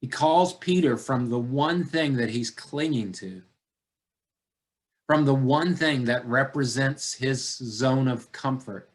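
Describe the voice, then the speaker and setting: A man preaching a sermon as pastor, deliberate and searching, addressing the congregation with repeated rhetorical questions. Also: medium pitch.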